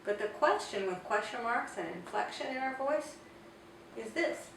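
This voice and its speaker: A woman explaining grammar in an online language lesson, slowing down carefully to model example sentences. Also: fairly high pitch, expressive. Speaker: Spanish teacher. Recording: echoey room, distant mic, faint noise.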